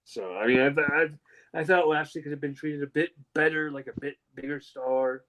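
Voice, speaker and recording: Animated young man telling stories. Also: fairly high pitch, brisk. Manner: animated storyteller, mocks with fake crying voices. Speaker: podcast co-host. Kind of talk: casual wrestling podcast chat.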